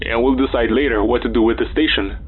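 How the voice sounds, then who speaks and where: A man voicing a gruff male crew leader giving curt orders over the radio. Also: mid-range voice, fairly even intonation, quick pace, narrow, tinny audio, a little hiss or hum, close to an everyday voice. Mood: commanding. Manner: curt, commanding.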